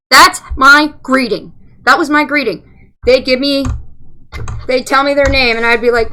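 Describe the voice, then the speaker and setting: A woman's voice: high voice, fairly even intonation, moderate pace, pushed and bright. A woman telling a story in a profane, chatty way while playing a game. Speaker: let's play gamer. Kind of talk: casual storytelling while gaming.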